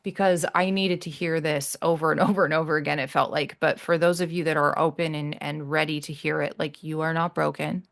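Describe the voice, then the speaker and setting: A woman hosting her own podcast, talking earnestly and reassuringly to listeners, often halting and restarting. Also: deep voice, fairly even intonation, vocal fry. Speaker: podcast host. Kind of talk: heartfelt solo podcast talk.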